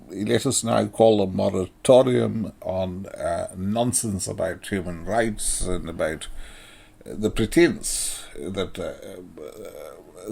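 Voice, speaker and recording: A middle-aged man from India talks through a sardonic commentary, blunt and profane, in an unhurried drawl. His low voice is gravelly and husky, often trailing into chuckles and fillers. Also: animated, warm tone. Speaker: political commentator. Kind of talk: monologue commentary.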